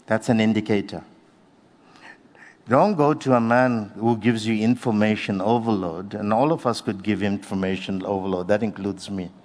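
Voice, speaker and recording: A man with a lowish voice preaches in an earnest, unhurried way, drawing out key phrases for emphasis. His words ring with the long reverb of a large hall. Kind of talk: sermon.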